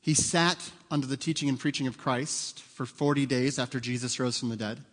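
With a medium-pitched, steady voice, a pastor preaches briskly. He chats with the congregation and poses questions to them, and the hall adds a long reverb.

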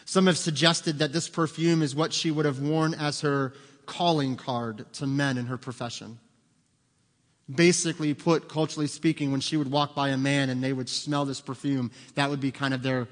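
A man's voice: on the high side, steady tone, normal speed. A man preaching a sermon as pastor, earnest, asking rhetorical questions and acting out the voices he quotes. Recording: long hall reverb.

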